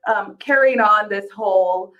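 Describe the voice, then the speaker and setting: A woman's voice: mid-range voice, measured pace, lo-fi sound. Chatty woman podcast co-host. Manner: chatty, laughs often, trails off mid-sentence. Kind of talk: casual chat.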